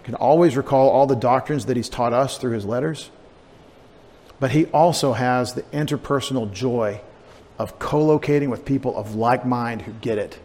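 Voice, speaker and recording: A pastor giving a conversational, digressive sermon, with asides and restarts. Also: male voice, mid-range voice, normal speed, darkish tone. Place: church sanctuary. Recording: long church reverb, faint room noise.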